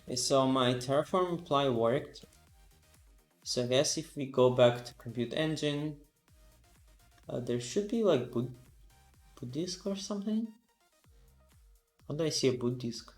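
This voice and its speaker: A man's voice: mid-range voice, unhurried, pauses often, reverberant, faint music behind. A sleepy man live-streaming, thinking aloud with lots of fillers as he reads documentation and reacts. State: sleepy, yawning. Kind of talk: casual live-coding stream.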